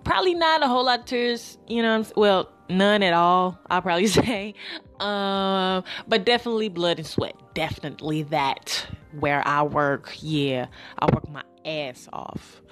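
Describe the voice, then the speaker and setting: A woman hosting her own podcast, talking in a casual, rambling way with slang, sighs and pauses. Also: lowish voice, faint music behind. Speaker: podcast host. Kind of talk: casual solo podcast monologue.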